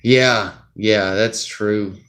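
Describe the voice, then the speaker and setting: A man's voice: on the low side, steady tone, drawn-out words, a bit bright. A young man hosting a casual chat, rambling and hesitant, often trailing off mid-thought. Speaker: streamer host.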